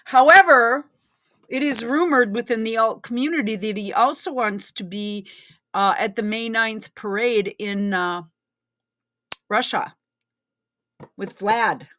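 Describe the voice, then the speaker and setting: A woman's voice: on the high side, unhurried, pauses often, a bit bright, no echo. Woman, reaction host, casual sarcastic commentary, swearing, dry close sound. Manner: sarcastic, swears, breaks into laughter. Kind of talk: casual commentary over a video.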